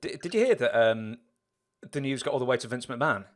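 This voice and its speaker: A male interviewer asks casual follow-up questions at a middling pitch. He sounds set back from the microphone. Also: very animated, a little fast.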